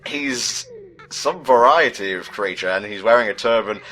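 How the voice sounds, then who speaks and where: A British man with a somewhat low, bright and forceful voice talks over a game in a chatty, sardonic way. He trails off and fumbles for words, and soft music plays underneath. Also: lively intonation, moderate pace. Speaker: let's play commentator. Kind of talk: casual gaming commentary.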